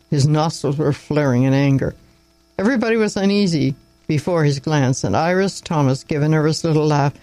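A man narrating a story aloud in a plain, measured reading with small slips. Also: on the high side, a little mellow, no room sound, rough recording.

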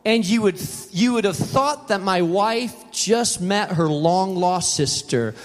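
A man's voice: high-pitched, lively intonation, slow pace. A middle-aged man, a pastor, preaching a sermon in a church auditorium and telling personal stories in a conversational way, acting out the voices in them. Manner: conversational, acts out voices in anecdotes. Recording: reverberant hall sound.

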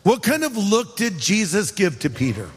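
A man from California preaching a sermon, conversational and joking, slowing down for emphasis. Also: sits high, big pitch swings, husky, big-room sound. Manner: conversational, joking, shifts between quick asides and slow emphasis. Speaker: pastor.

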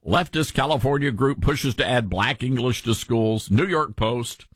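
A man with a light Tennessee Southern accent hosting a talk radio show, folksy and animated in his commentary. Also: medium pitch, a little slow, husky, no room sound.

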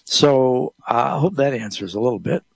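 Gravelly-voiced man answering Bible questions. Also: medium pitch, normal speed, no echo. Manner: explains plainly, reads scripture aloud. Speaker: radio Bible program host. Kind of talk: answering callers on call-in radio.

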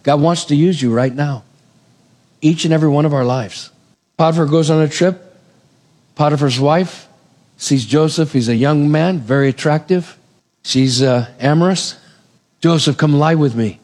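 Man, pastor, sermon, higher pitch, conversational retelling, long hall reverb. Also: moderate pace, pauses often. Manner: retells scripture with acted quotes, animated and conversational.

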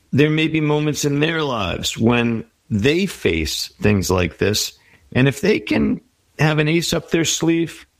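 A man's voice: medium pitch, creaky, no room sound. A middle-aged man in an interview, talking reflectively and giving advice. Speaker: guest. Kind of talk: interview conversation.

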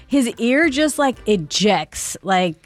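A woman's voice: a little high, big pitch swings, slow pace, dry recording. A woman co-hosting a morning radio show, blunt and outspoken as she jokes with the others. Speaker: radio co-host.

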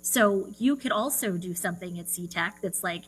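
A woman's voice: lowish voice, moderate pace, few pauses, breathy edge, poor audio. A woman co-hosting a podcast, chatting in a bubbly, teasing way with lots of 'like'. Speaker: podcast co-host. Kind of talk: casual chat.

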